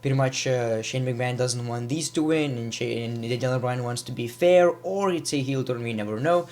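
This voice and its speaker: A man's voice: mid-range voice, moderate pace, a little mellow, a little hiss or hum. A man giving a casual, rambling wrestling review, with frequent restarts and repeated words. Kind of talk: casual vlog commentary.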